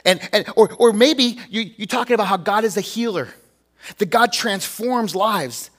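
A man's voice: high voice, moderate pace, fairly bright tone. A man preaching a sermon as a pastor, earnest and emphatic, talking to the congregation conversationally and asking rhetorical questions.

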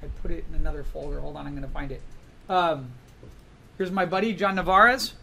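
A man teaching a class in a classroom, lively and full of questions to the students. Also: fairly high pitch, brisk, creaky, husky. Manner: animated, asks the class many questions. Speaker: art instructor. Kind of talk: classroom lecture.

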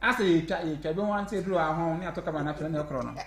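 A man's voice: fairly high pitch, racing, slight background noise. A Ghanaian man, a journalist, chatting casually and explaining at length in Twi mixed with English, with a Ghanaian accent. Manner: animated, laughing, explaining at length. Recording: roomy echo.

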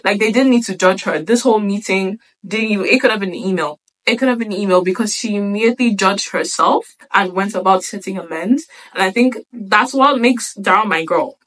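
A woman's voice: mid-range voice, brisk, few pauses, a bit bright, low-quality recording. A woman book vlogger chatting casually as she retells a story, with many fillers. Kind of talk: casual book review chat.

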